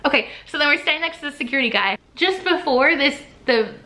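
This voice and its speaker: Young woman vlogger gushing to her camera, kinda high bright voice, tons of likes and restarts. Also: lively intonation, fast talker. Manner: gushing, breathless, many fillers and restarts. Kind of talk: excited storytelling to camera.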